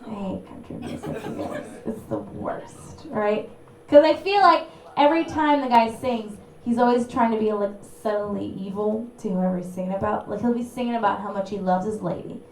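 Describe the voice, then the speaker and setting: A young woman performing a stand-up comedy set in an apartment, with a brassy, punchy delivery and sudden loud bursts. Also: medium pitch, normal speed, slight background noise. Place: small apartment room with a live audience. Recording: echoey room recorded from far off. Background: audience laughter.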